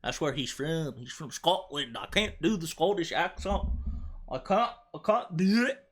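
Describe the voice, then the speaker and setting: A man's voice: fairly high pitch, moderate pace. A young man streaming, giving blunt, rambling reaction commentary full of fillers and restarts.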